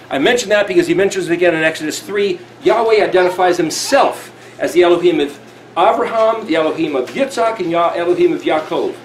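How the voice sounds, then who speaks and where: A man's voice: high voice, fast talker. A man teaching scripture, reading verses aloud and then explaining them in a conversational way. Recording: roomy with faint background noise.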